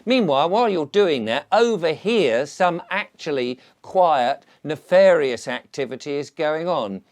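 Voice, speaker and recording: Theatrical older Englishman, higher voice. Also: animated, measured pace. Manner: theatrical, chatty, slips into comic voices. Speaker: vlogger. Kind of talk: casual monologue to camera.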